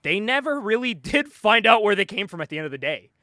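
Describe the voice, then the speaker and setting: Man, comic podcast co-host, casual chat, high lively voice, acts out lines, dry close sound. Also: fast, dry recording.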